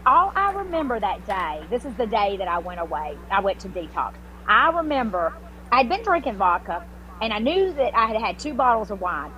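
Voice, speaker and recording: A woman with a fairly high voice tells her story in a loose, animated way. She swears freely and restarts her sentences often. A faint noise sits under the recording. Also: poor audio. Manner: animated, swearing, many restarts and filler words. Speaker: podcast guest. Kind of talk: casual storytelling.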